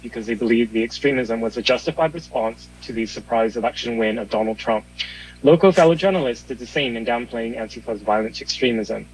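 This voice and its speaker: Fast-reading man in a humming clip. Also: mid-range voice, poor audio. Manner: reads a prepared statement. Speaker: journalist testifying. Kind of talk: formal prepared testimony. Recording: archive clip with faint hum.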